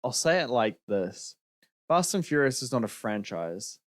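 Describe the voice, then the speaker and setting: A man's voice: medium pitch, very animated, unhurried, dry recording, clean studio sound. A young man co-hosting a podcast, giving his opinions on films in a casual chat and laughing easily. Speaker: podcast co-host.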